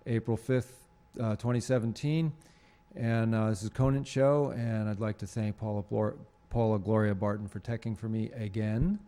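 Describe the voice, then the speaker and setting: A man hosting a local TV show from a studio, talking off the cuff in a halting, rambling way with lots of fillers and restarts. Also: fairly low pitch, steady tone, mellow. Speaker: host of a local cable show. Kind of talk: unscripted studio monologue. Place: TV studio with green screen.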